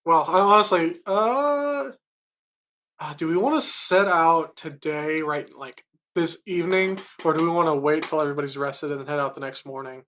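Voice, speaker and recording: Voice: mid-range voice, moderate pace, a bit bright, a little hiss or hum. Tentative player asking questions at the table. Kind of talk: casual tabletop play.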